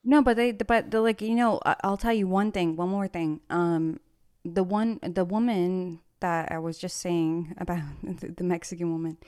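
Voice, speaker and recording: A woman's voice: fairly low pitch, fairly even intonation, moderate pace, darkish tone, no echo, clean studio sound. A woman guest on a talk show, chatting casually and acting out the people she quotes, laughing often. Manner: bubbly, laughs a lot, acts out quoted people. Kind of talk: casual storytelling.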